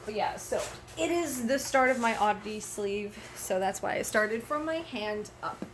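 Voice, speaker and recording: A woman's voice: mid-range voice, lively intonation, normal speed, slight background noise. A woman live streamer in candid casual chat, rambling and giggly, openly emotional, speaking into a desk microphone at home.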